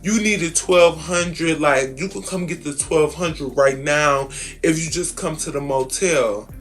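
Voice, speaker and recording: A woman's voice: sits low, measured pace, pitched below the performer's own voice. A woman voicing a whiny, pushy male sugar daddy in a pleading tone, during a storytime vlog. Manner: whining, pleading.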